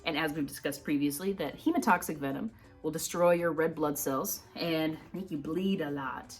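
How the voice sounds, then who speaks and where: A woman's voice: deep voice, moderate pace, faint music behind. A woman from Minnesota hosting a reptile channel, telling a rambling story in a casual educational vlog and laughing often as she wanders off topic. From Minnesota, United States. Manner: laughs often while talking.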